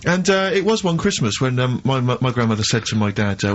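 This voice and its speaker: A man on a casual radio chat, telling a family anecdote in a wry, deadpan way. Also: medium pitch, fast talker, hardly any pauses, a little hiss or hum. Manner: wry storytelling. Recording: dull lo-fi radio recording.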